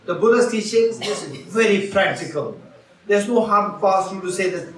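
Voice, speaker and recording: At a moderate pace, a man with a high, fairly bright voice teaches Buddhism interactively, questioning the audience and repeating key phrases. It was recorded from a distance in a retreat teaching hall with a roomy sound.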